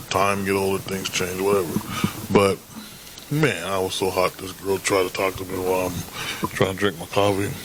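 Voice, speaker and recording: A man's voice: lowish voice, slight background noise, rough recording. A man hosting his own podcast, rambling through a casual monologue in a blunt, profane way. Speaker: podcast host.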